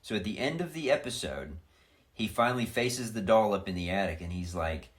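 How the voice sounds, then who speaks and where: A young man with a fairly low voice tells a story on a comedy podcast. He throws himself into the quotes, swears freely and keeps the retelling lively. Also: brisk. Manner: animated storyteller, acts out quotes, swears a lot. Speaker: podcast co-host. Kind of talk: casual comedic podcast chat.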